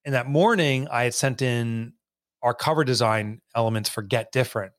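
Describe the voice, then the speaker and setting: A man hosting a casual podcast chat, telling lively stories and mimicking accents. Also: mid-range voice, moderate pace, no room sound, studio quality. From Northeast United States. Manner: animated storyteller, mimics accents. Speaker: podcast host.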